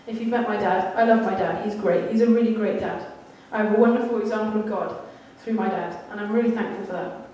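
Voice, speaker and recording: A woman's voice: mid-range voice, steady tone, quick pace, hardly any pauses, warm tone, muffled recording. A woman giving a sermon, telling a candid, self-deprecating story about her childhood. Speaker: church speaker. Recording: echoey hall, mic at a distance.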